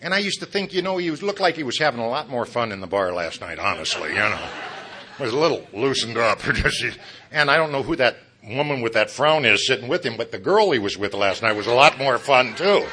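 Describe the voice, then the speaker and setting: A middle-aged man tells his story at a recovery meeting, turning his own failings into jokes. His voice is bright and forceful, and he keeps chuckling at his own lines. He throws asides straight at the listeners. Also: mid-range voice, lively intonation, fairly quick, slightly rough. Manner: talks straight to the audience with asides. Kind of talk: humorous personal testimony.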